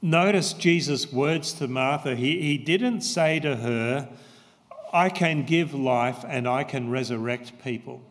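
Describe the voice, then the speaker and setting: A man preaching a sermon as pastor, slow and emphatic, repeating his key phrases. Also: mid-range voice. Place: church. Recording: long church reverb.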